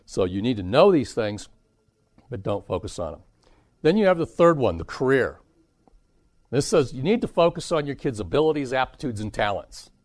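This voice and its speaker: Animated man teaching a seminar. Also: mid-range voice, normal speed. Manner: animated, asks the audience questions. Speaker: teacher leading a parenting seminar. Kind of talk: seminar talk to a live audience.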